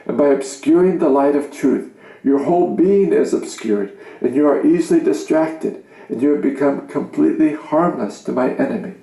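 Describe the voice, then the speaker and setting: A man giving a solemn reading of a religious message, in a grave, commanding and measured way. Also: a little high, vocal fry, dark tone. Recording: roomy echo.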